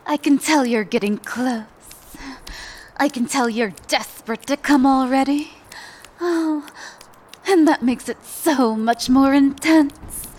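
A proud, horned reptilian warrior queen speaks in a commanding, sultry drawl, voiced by a woman in an adult audio role-play. Her delivery is extremely slow and unhurried, sitting a little high, and she lingers over every word. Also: darkish tone. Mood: heated.

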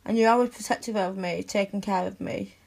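Casting the listener as her best friend, a young woman speaks softly and intimately in a one-sided audio role-play, letting out sighs and giggles. Her voice is medium-pitched, gravelly and steady in tone, and she talks fairly quickly.

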